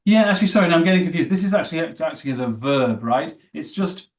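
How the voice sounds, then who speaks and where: A man with a fairly high voice leads an English vocabulary class. He quizzes his students and encourages their answers. His manner is that of a teacher at work. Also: lively intonation, fast. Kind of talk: live online class.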